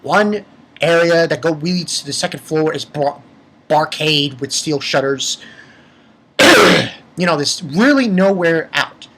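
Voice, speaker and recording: A man's voice: on the high side, animated, slow, long pauses, a bit bright, slight background noise. A man giving a casual spoken review of an episode. He rambles, swears freely and often restarts his sentences. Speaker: anime reviewer.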